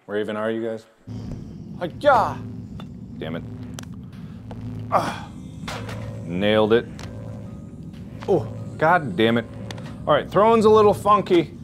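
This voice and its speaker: A man in his thirties, a gaming YouTuber doing let's play commentary, animated and yelping as he plays in VR, winded from moving. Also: mid-range voice, slow pace, long pauses, over music. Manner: animated, yelps and jokes while playing VR.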